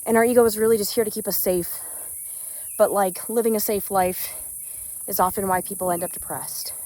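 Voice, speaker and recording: A woman's voice: mid-range voice, fairly even intonation, fairly quick, a little mellow. A woman giving an earnest, rambling motivational talk while hiking outdoors, slightly out of breath, recorded on a phone without a mic. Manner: earnest, uplifting, loose and rambling with fillers. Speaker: spiritual business coach. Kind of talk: unscripted motivational vlog on a walk. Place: outdoors on a hiking trail in nature. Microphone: phone without an external mic. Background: crickets and insects.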